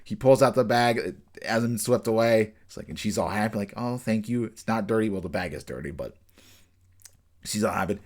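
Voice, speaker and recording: A man's voice: fairly low pitch, darkish tone. A man casually reviewing an anime episode. He rambles, restarts his sentences often and jumps in and out of characters' lines. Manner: rambling, with frequent restarts and fillers; acts out characters' lines in quick bursts.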